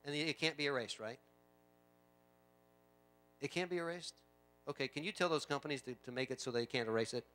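A middle-aged man, a pastor preaching a sermon in church, shifting from low conversational asides to loud emphatic preaching. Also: normal speed, pauses often, soft background music. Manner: conversational, with frequent asides and repetitions. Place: church sanctuary.

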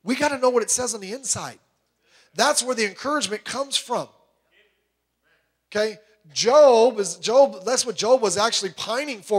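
High-voiced man preaching emphatically. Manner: emphatic preaching with rhetorical questions. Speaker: pastor. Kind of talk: sermon.

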